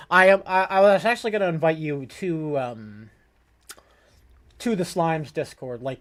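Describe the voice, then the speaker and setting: A man's voice: a little high, a bit bright. A man streaming a game, chatting casually with fillers and restarts and joking about his own reading. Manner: halting, full of fillers and restarts; self-mocking, laughs at his own reading. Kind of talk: casual game commentary and reading dialogue aloud.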